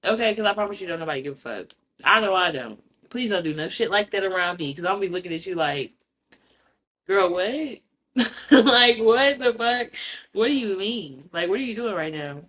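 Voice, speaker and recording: Blunt, low-voiced woman podcast host. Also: quick pace. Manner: blunt, profane and outspoken; animated storyteller. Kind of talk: casual chat.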